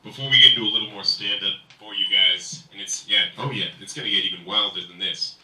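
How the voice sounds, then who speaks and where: Energetic guy hosting a comedy show, low-ish bright voice, echoey room, mic far off. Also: fast, a little hiss or hum. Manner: loud, energetic, crowd-working. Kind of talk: emcee banter and stand-up. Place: live comedy venue, indoors.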